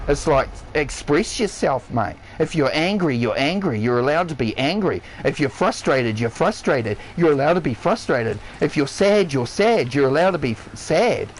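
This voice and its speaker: A man with a New Zealand accent rants on a live game stream and swears nearly every line. His pitch swings widely as he shouts one moment and drops low the next. He repeats his points again and again. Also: lively intonation, normal speed, slight background noise, poor audio. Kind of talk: heated rant on a live stream.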